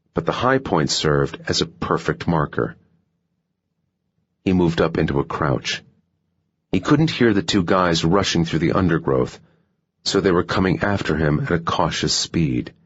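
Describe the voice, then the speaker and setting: A man reads a thriller audiobook in a steady, measured way. His voice sits very low and sounds husky. The recording is a little muffled. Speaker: audiobook narrator. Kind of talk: scripted narration.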